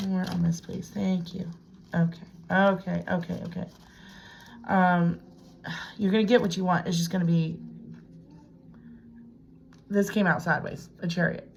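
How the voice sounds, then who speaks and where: A woman's voice: lowish voice, steady tone, measured pace, vocal fry, pauses often, slight background noise, rough recording. A woman doing a casual tarot reading at home, chatting to herself and dipping into whispers. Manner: chatty, self-talking, drifts into hushed whispers. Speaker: tarot reader. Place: home room with a piano desk.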